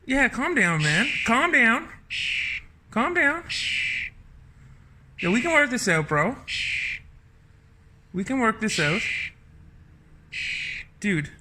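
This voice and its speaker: A man talking casually outdoors on his home deck, exasperated and full of mock-tough bravado, often shouting. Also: extremely high pitch, sing-song, slow pace, long pauses, noisy background. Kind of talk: casual talk to a bird.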